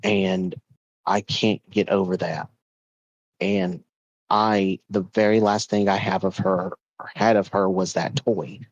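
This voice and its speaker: A man's voice: on the low side, lively intonation, takes it slowly, creaky, dry recording, muffled recording. A man hosting a podcast, casually and animatedly retelling a ghost story with lots of filler words. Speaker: podcast host.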